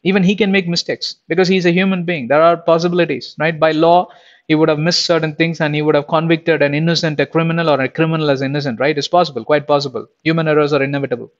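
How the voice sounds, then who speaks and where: A man's voice: fairly high pitch, steady tone, quick pace. Emphatic male preacher, rhetorical questions. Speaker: preacher and Bible teacher. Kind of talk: sermon. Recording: dull lo-fi recording.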